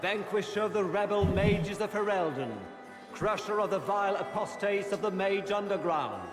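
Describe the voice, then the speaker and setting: Man voicing a pompous court herald, video game, high declaiming voice, echoey hall, loud music. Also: normal speed, natural voice. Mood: grand. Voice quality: formal, declaiming. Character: pompous male court herald announcing guests.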